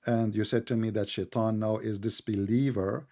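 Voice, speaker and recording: A man with a non-native accent debating heatedly, mocking his opponent and interrupting, then slowing down to make his point. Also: lowish voice, fairly even intonation, warm tone. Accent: non-native English. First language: not English. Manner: mocking, interrupting, slows down to explain. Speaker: Christian debater.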